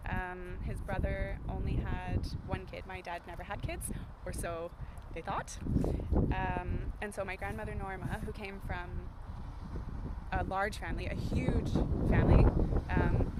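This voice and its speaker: A young woman vlogs outdoors, chatting to camera in an easy, rambling way full of ums and self-corrections. Her voice sits at a middling pitch, and loud outdoor noise runs under everything she says. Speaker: vlogger. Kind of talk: casual vlog to camera. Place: outdoors in the countryside.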